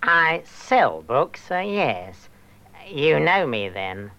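Cagey bookseller, very slow and sharp-toned, hints and quiet threats. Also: male voice, fairly high pitch, very animated, exaggerated voice. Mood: veiled, insistent. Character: secretive pushy middle-aged male bookseller. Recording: dull lo-fi old tape.

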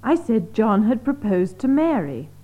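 Woman, grammar drill reader, clear and deliberate, fairly high lively voice. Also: rough recording. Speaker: exercise reader. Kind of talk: reading language-drill examples.

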